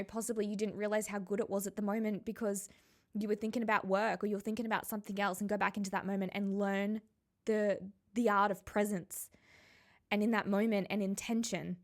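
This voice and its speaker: A woman and spiritual coach telling a personal story to the camera in a reflective, heartfelt and conversational way, slowing down on emotional words. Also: medium pitch.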